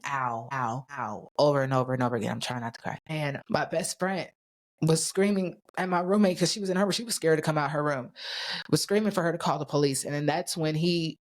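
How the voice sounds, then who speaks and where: A woman guest on a podcast, recounting events in casual, blunt talk and swearing freely. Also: low-pitched. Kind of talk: casual storytelling.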